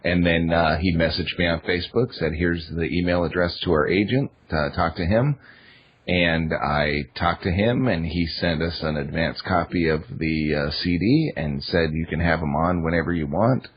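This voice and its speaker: A man's voice: low voice, moderate pace, lo-fi sound, a little hiss or hum. A man on a podcast chatting casually as a guest, rambling with many fillers. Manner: rambling, filler-heavy storytelling.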